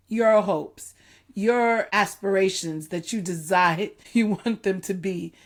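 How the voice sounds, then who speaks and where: A middle-aged woman talks through her thoughts in an earnest, reflective monologue. She keeps a very slow, deliberate pace at an ordinary middle pitch. She often repeats a line more slowly so it sinks in. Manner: earnest, measured, repeats key points slowly. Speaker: podcast host. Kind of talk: reflective solo talk.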